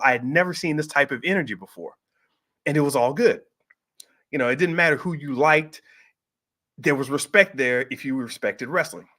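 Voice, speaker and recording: A middle-aged man telling a personal story in a casual, animated way, jumping up in pitch when he acts out what people said. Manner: animated, acts out quoted voices with pitch jumps. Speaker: host.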